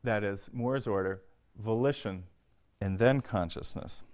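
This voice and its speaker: A man giving a university lecture on poetry, often hesitating with filler sounds, clearing his throat and restarting his sentences. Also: on the low side, unhurried. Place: lecture hall. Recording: dull lo-fi lecture recording.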